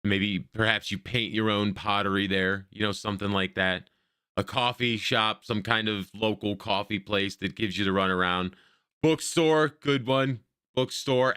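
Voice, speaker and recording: A man's voice: fairly low pitch, sharp tone, smooth, no room sound, clean studio sound. An American man streaming, casually commenting on a video, rambling through lists and swearing freely. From United States.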